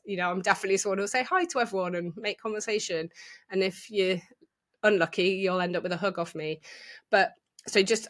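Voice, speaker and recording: A woman's voice: on the low side, a bit bright. A middle-aged woman, openly telling her own story in a reflective, candid way. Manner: open, reflective, with restarts and acted quotes. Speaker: guest sharing her experience.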